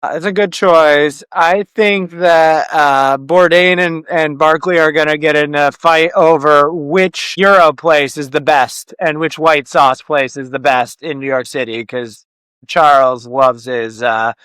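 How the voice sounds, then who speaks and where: A man's voice: on the high side, steady tone, unhurried, fairly bright tone, clean tone, dry recording. A man being interviewed on a podcast as a company chief, easygoing and thoughtful, playing along with the host's jokes. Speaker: podcast guest, company CEO. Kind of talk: casual interview chat.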